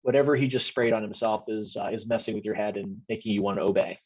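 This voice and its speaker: A man narrating a tabletop game as game master, hesitant, with many pauses and ums while describing scenes. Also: lowish voice, steady tone, darkish tone. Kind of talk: narrating a tabletop game over video call. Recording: dull lo-fi audio.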